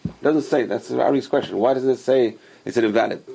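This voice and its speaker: A man with a gravelly, husky voice leads a casual class, insistent and repetitive as he drills his students on pronunciation. His tone is that of a teacher explaining the same point several ways. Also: mid-range voice, a little fast, warm tone. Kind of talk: casual religious lesson to a small class.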